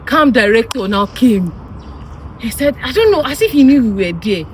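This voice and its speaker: A woman's voice: a little high, animated, normal speed, far from the mic, crowd noise. A young woman telling a playful, giggly story about sneaking away at camp. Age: young adult. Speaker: platoon executive, interviewee. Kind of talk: casual storytelling.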